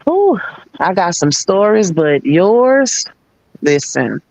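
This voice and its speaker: A man's voice: sits high, very animated, slow, gravelly, a little mellow, dry recording, rough recording. A man co-hosting a live stream in casual chat, listening supportively with short affirmations.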